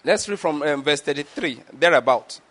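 A pastor preaches a teaching sermon, often checking that listeners are following, asking the audience questions and repeating words. His fairly high voice is animated and a bit bright, moving at a moderate pace.

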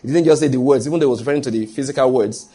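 A man's voice: medium pitch, rapid-fire, warm tone, husky. A man preaching a sermon, often checking that his listeners follow him and restarting his phrases.

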